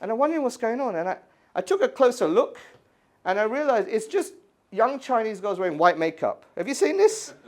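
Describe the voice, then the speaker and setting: A man in his thirties from the UK doing an animated stand-up set in a gallery, acting out voices and screaming kids. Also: sits high, a little fast. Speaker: stand-up comedian. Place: art gallery before a live audience. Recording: live room with audience laughter.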